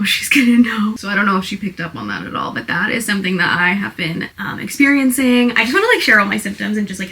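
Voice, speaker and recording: A young adult woman chatting to camera at home in a casual vlog, bubbly and excited, with lots of filler "like"s. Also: medium pitch, poor audio. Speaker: vlogger.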